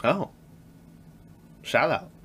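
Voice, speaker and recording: A man's voice: very slow, fairly bright tone, a little hiss or hum. A man in casual movie chat who laughs often, acts out lines from the film and swears freely. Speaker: podcast co-host.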